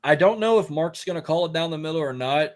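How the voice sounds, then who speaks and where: A man's voice: on the high side, expressive, fast. A man hosting a casual wrestling podcast who jokes, swears and rambles. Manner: joking, profane, rambling. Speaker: podcast host.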